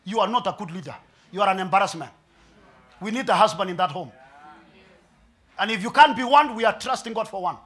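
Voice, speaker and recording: A man preaching a sermon, mixing in Swahili and humor, swinging from hushed lines to shouts. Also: high voice, expressive, fairly quick, long pauses. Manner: mixes English and Swahili with humor. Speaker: pastor.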